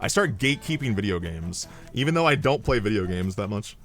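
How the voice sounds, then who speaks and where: A man's voice: fairly low pitch, very animated, fairly quick, a bit bright. A man streamer chatting casually, telling rambling stories, swearing freely and laughing at his own jokes. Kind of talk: casual storytelling chat.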